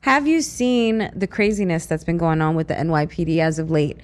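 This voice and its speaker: A woman's voice: deep voice, brisk. A woman co-hosting a radio show in casual chat, outspoken and emphatic, with some street slang. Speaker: radio co-host and youth worker. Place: radio studio.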